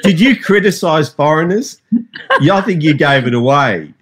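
A man's voice: on the high side, expressive, normal speed, a bit bright, husky. A man co-hosting a podcast in casual chat, making dry teasing quips. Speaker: podcast co-host.

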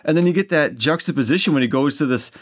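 A man co-hosting a casual movie podcast, excitable and swearing freely as he recaps scenes. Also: on the high side, fast. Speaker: podcast co-host.

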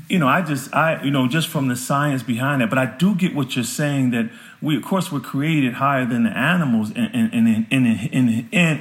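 A man guest on a podcast interview, talking earnestly and with heartfelt fervor. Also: medium pitch.

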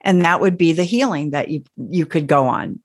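A woman working as a parenting coach, explaining calmly and gently in a casual talk. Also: low voice, moderate pace, no room sound, clean studio sound.

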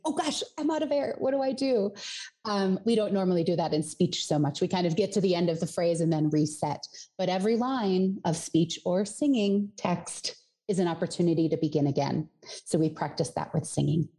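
A woman's voice: on the low side, a little fast, warm tone. A woman from Colorado who coaches voice and singing, explaining in a podcast interview and sometimes demonstrating with her own voice.

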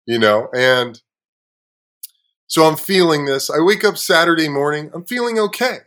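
Laid-back podcast host swearing freely. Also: male voice, mid-range voice, normal speed, a bit bright. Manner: swears freely, laughs often. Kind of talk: casual podcast storytelling.

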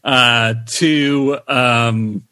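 Bright-voiced man chatting casually. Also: mid-range voice, very slow, clear, resonant tone, no room sound. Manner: animated, quotes reactions in raised voice. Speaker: podcast co-host. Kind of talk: casual review chat.

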